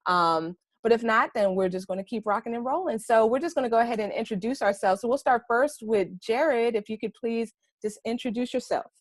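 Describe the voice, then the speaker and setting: Woman, panel host, enthusiastic, high-ish voice, dry sound. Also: fairly quick, few pauses, no echo. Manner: upbeat and enthusiastic. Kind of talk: podcast panel hosting.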